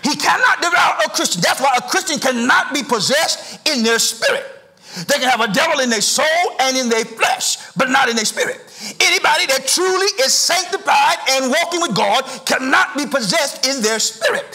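High, bright-voiced preaching pastor. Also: male voice, animated, normal speed, gravelly. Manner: preaching with sing-song rises and shouted emphasis. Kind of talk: sermon. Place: church sanctuary.

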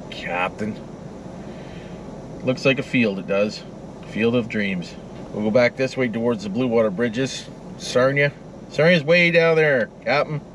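A man's voice: medium pitch, noisy background. A man chatting casually while flying a drone outdoors by a frozen river, talking to the drone and the birds. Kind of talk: casual running commentary.

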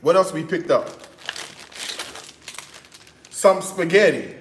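A man vlogging in his home kitchen, chatting in a sassy, animated way with speech. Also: high-pitched, measured pace, pauses often, reverberant, slight background noise. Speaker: cooking vlogger. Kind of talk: casual chat.

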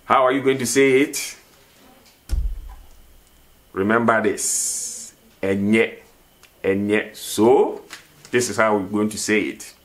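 A man teaching a vocabulary lesson, repeating each word and asking questions for the learner to answer. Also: lowish voice. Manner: slow, repeats words and asks questions. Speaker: language teacher.

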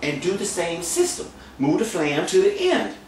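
A man's voice: sits high, huge pitch swings, moderate pace, very noisy. A man giving a goofy, casual drum lesson, joking and repeating himself in mock-boastful bursts. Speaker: drum teacher. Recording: very echoey room, camera mic from a distance.

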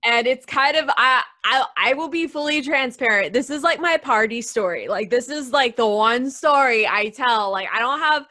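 Bright-voiced young woman telling a story. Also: fairly high pitch, normal speed, hardly any pauses. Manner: animated, lively storyteller with laughs and voiced quotes. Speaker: interview guest, wrestler. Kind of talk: casual storytelling. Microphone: video call.

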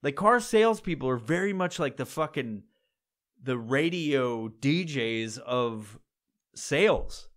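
A man's voice: medium pitch, lively intonation, slow pace, a bit bright. Profane rambling male podcaster. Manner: rambling and heavily profane, laughs often. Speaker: podcast host. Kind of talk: casual solo podcast monologue.

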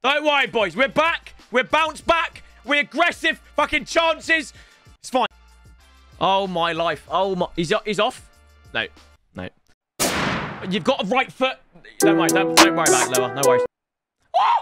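A young man commentating live on his football video game, excitable and jokey, often shouting at the play. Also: sits high, measured pace, long pauses, over music. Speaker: gaming streamer.

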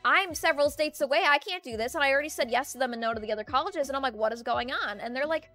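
Racing along in a high, sharp voice, a young adult woman streams from home in casual, ranting, talkative chat. She laughs often, and a music playlist plays faintly in the background.

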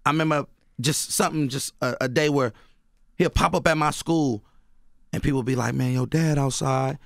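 A man's voice: fairly high pitch, moderate pace, a bit bright, no room sound. Bay guy on a radio show, chill storytelling, lots of "you know what i mean", dead dry studio sound. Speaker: guest author and rapper. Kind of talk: casual radio interview.

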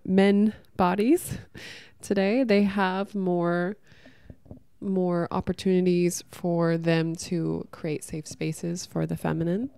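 A young woman talking casually to camera, giving chatty advice to women, with lots of "like" and "um", getting animated when she retells stories. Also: lowish voice, vocal fry, clean tone, no echo, clean studio sound. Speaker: vlogger giving advice to women visiting an island.

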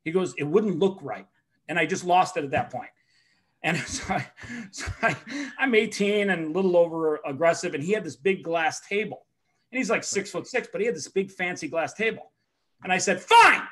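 A man telling a personal story in a casual talk, animated and profane, acting out the other people in it and laughing along the way. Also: high-pitched, a little fast. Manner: excitable, swears often, acts out other people's lines with shouting and laughter. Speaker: podcast host telling a story.

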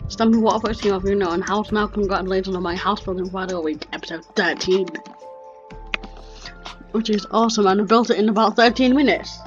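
A woman hosts a gaming video in easy, rambling commentary, her sentences often trailing off while she builds. Her voice sits at an ordinary middle pitch. The mic sounds dull and lo-fi, with soft music underneath. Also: a little fast. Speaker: gaming channel host. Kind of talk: casual gameplay commentary.

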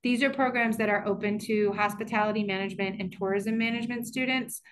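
Female school administrator hosting a webinar; quick, chatty, self-correcting delivery with lots of "um" and "like.". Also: mid-range voice, steady tone, slight background noise. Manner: fast, chatty, lots of fillers and restarts. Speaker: college administrator presenting an info session. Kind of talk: online information session presentation.

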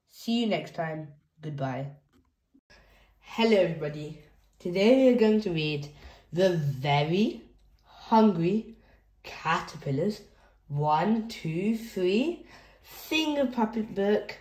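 A woman reading picture books aloud to young children in a slow, sing-song way, asking the listeners questions as she goes. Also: on the low side, lively intonation, a little mellow, roomy sound. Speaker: children's book reader.

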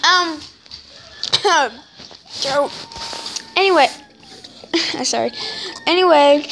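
In this home vlog, the sixth grader's high-pitched voice stretches out her words as she chats and wanders from topic to topic, repeating "anyway" to fill the pauses. The audio is poor, with a slight hiss or hum.

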